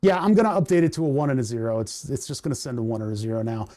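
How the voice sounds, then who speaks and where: A man's voice: mid-range voice, very fast, warm tone, no room sound, clean studio sound. A man streaming live, thinking aloud as he writes code, often correcting himself and openly unsure. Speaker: streamer coding a hardware project. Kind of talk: casual livestream coding commentary.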